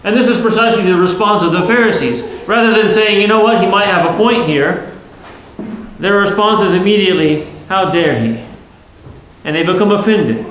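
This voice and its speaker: A man's high, slightly bright voice carries through a heavily echoing church with faint noise in the background. Preaching as a priest, he explains earnestly and frequently asks the congregation questions.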